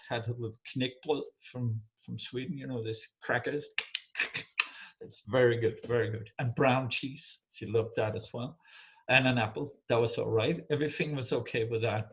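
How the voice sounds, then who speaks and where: A man telling a folk tale in English, halting and repeating words, often checking in with his listener. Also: medium pitch. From Denmark. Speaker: storyteller. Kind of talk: oral folk storytelling.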